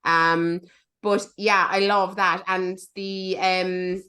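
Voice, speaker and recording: Bright-voiced chatty woman. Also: fairly low pitch, drawn-out words. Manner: chatty, animated, swears for emphasis. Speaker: podcast co-host. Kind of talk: casual movie review chat.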